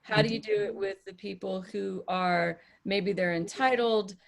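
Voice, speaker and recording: A woman's voice: medium pitch, steady tone, unhurried, creaky. A woman hosting a podcast as a relationship coach, talking to a small group in a direct, matter-of-fact way and acting out examples.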